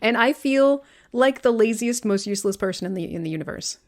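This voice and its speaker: A woman's voice: a little high, lively intonation, fairly quick. A woman in her thirties from Vermont, co-hosting a podcast in casual, rambling chat, swearing freely and stressing her words. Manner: rambling, profane, emphatic. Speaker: podcast co-host.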